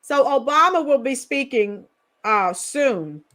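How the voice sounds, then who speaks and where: A chatty woman with a high voice hosts a live stream and talks casually to her viewers. She greets them by nickname, reads their comments aloud and laughs often. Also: animated, takes it slowly, a bit bright.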